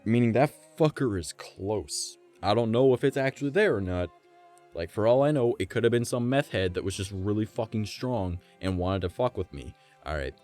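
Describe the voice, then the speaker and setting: A man's voice: on the low side, animated, normal speed, a little mellow, soft background music. Profane rambling man streamer. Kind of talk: casual storytelling on a live stream.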